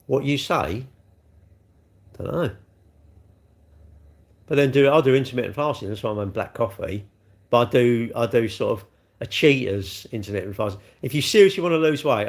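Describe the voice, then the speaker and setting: A middle-aged man hosting a casual livestream, chatting and answering viewer comments with swearing and rhetorical questions. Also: on the low side. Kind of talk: casual chat.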